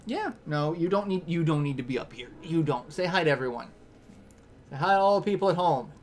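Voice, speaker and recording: A man's voice: on the high side, animated, brisk, slight background noise. Chatty young man livestreaming a game. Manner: chatty, rambling, reads along with game lines. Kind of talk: casual livestream chat reading game dialogue aloud.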